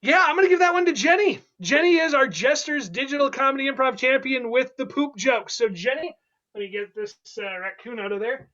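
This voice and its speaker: Host: high, bright-voiced man running an online improv game, playful, dull lo-fi call audio. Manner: playful, quick, laughing asides.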